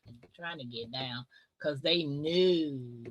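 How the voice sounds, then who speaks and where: A woman's voice: low-pitched, slow. A woman hosting a casual live chat, talking easily and reading viewer comments aloud. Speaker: livestream host.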